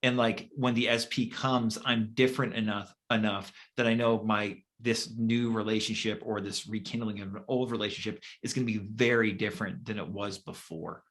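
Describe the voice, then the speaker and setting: A man's voice: on the low side, fairly even intonation, moderate pace, hardly any pauses, fairly bright tone. A man co-hosting a casual chat as a manifestation coach, blunt and swearing casually, with lots of fillers.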